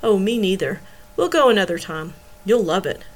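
A woman reading the lines of a calm, easygoing man with a wry edge. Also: high voice, normal speed. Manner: relaxed, easygoing.

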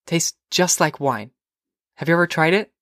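A man voicing a curious, whimsical teenage girl in an audiobook, with lilting, eager questions that come in quick bursts. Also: fairly high pitch, a bit bright, dry recording, studio quality, voice pushed up, close to an everyday voice. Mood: wondering. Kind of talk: audiobook character voice.

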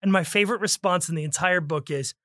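Male podcast co-host, a bit higher pitch, dry recording, conversational with read-aloud emphasis. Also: fast, no echo. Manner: reads quoted passages with stressed words, lively. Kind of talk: casual book discussion with read-aloud passages.

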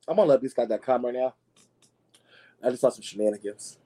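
A man hosting a casual gossip show with a mellow, warm tone. He talks in a sassy, dramatic way, calls his listeners y'all and leaps into high squeals when he wants to stress something. His everyday speaking pitch sits in the middle. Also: fairly quick, long pauses, poor audio. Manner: swoops into high squeals for emphasis. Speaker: podcast host.

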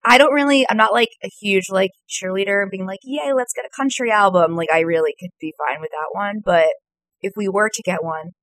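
A woman's voice: medium pitch, brisk, a bit bright, dry recording, rough recording. A woman co-hosting a fan podcast in casual, upbeat chat full of "like" and "I don't know.". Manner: chatty, upbeat, heavy use of "like". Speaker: podcast co-host.

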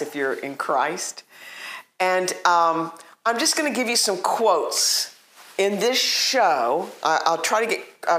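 A woman's voice: sits low, fairly bright tone. A middle-aged woman gives a devotional teaching in an earnest, emphatic way. She often slips into acted-out prayers. Her voice rings in an echoey room. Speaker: Christian teacher.

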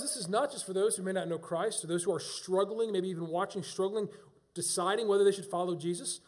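A pastor delivering a sermon, preaching emphatically and swinging between hushed and raised passages. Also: male voice, sits high.

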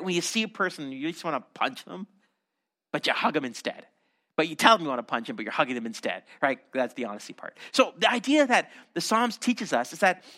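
A male pastor preaching in a casual, conversational way, with a bright, ringing tone. His pitch leaps around animatedly, and he acts out quoted voices, sliding from loud and high to low and hushed. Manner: conversational preaching with frequent "right?" and repeated words. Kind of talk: sermon.

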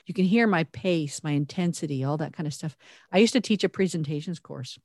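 Lowish woman on a podcast, earnest and thoughtful, dry mic. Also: brisk, a little mellow, dry recording. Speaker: podcast co-host. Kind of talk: conversational podcast talk.

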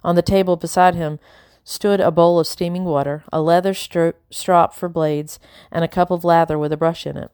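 A woman narrating a novel in the first person, measured and unhurried. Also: on the low side, fairly even intonation, darkish tone, clean tone, no room sound, clean studio sound. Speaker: audiobook narrator.

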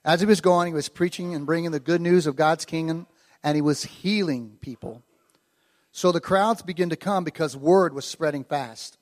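A man's voice: a little high, normal speed. A man preaching a casual storytelling sermon, acting out quoted lines with growing animation. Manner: conversational, acts out quoted lines with rising animation.

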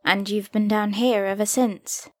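A woman voicing a curious, steady young woman who speaks calmly and directly. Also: mid-range voice, unhurried, no room sound, natural voice. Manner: calm, direct, questioning. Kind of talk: audiobook character voice.

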